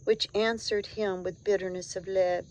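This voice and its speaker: A woman's voice: mid-range voice, fairly even intonation, moderate pace, darkish tone, low-quality recording. A woman reading an old scripture story aloud, earnest and emotive in the quoted laments. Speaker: scripture reader.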